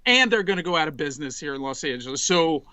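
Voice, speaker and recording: A podcast guest in his forties tells a story on a casual show in a high, bright voice, rambling animatedly at a quick pace and restarting often. He's expressive, and the sound is clean, dry and close with no room sound at all.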